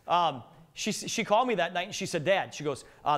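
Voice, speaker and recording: A man's voice: high voice, expressive, fast talker, hardly any pauses, fairly bright tone. A middle-aged man giving a live business presentation to an audience, telling joking stories and putting questions to the room.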